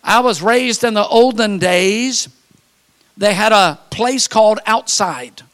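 An older man preaching a sermon, telling folksy stories and building to fervent, shouted appeals. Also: high voice, takes it slowly. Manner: fervent, rising to shouted calls; folksy storytelling with repeated phrases.

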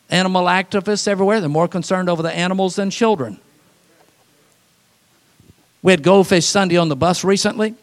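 A man preaching a sermon, telling folksy, humorous stories and laughing at them, swinging from animated to quiet and soft for emphasis. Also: sits high. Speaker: pastor.

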